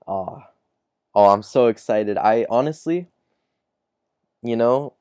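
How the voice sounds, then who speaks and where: A man's voice: medium pitch, animated, takes it slowly, a little mellow, clean tone, dry recording. A man recapping a comic chapter, reading the dialogue aloud in a casual way, often chuckling and trailing off mid-sentence.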